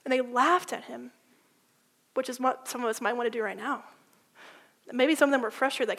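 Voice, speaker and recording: A woman preaching a sermon in a casual, animated storytelling way, full of "like", swinging between loud and hushed. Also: on the high side, moderate pace, creaky, pauses often, breathy edge. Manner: informal, with frequent "like".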